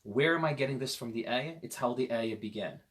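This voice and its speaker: A man teaching a parenting lecture on a Quran verse, telling stories with lively swings between loud emphasis and quiet asides, and speaking directly to parents. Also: medium pitch, a little fast. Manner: conversational, addresses parents directly. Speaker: Islamic teacher.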